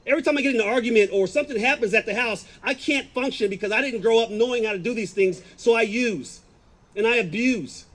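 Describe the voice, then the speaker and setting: A middle-aged former football player telling his life story as a confessional testimony, moving between quiet and emphatic. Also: very high voice, fast talker.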